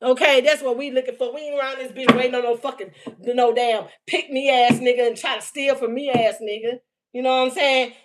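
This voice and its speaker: A woman doing an unscripted livestream reading, talking in a heated, profane and mocking way, often laughing, and reading out messages slowly word by word. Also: on the high side. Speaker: livestream spiritual reader.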